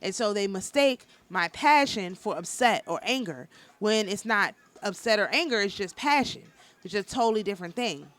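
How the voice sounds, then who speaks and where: A woman giving a casual spiritual talk as a teacher, speaking in a calm, nonchalant, matter-of-fact way with a passionate undertone and frequent restarts. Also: medium pitch, normal speed. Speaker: spiritual teacher and tarot reader.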